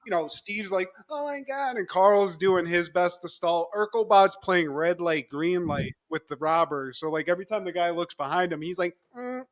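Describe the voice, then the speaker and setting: Man, podcast co-host, casual recap, high voice, acts out lines, laughs a lot. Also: normal speed, hardly any pauses. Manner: animated storyteller, acts out lines, laughs often. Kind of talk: casual chat recapping a TV episode.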